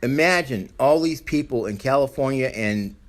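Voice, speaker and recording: A man's voice: medium pitch, expressive, moderate pace. A man hosting a podcast, delivering an angry, profane, blunt rant. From Arizona, US. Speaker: podcast host. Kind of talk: ranting monologue.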